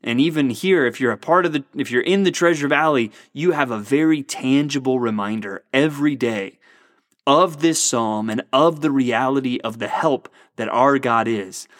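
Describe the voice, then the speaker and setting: A man giving an earnest, encouraging devotional, reading Bible passages slowly and warmly explaining them. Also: mid-range voice, no room sound, clean studio sound. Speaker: pastor. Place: Treasure Valley area, Idaho.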